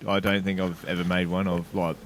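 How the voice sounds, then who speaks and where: Low-voiced man, laughing storyteller. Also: little pitch movement, a little fast, slight background noise. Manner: laughs often while telling stories. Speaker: podcast co-host. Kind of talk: casual storytelling chat.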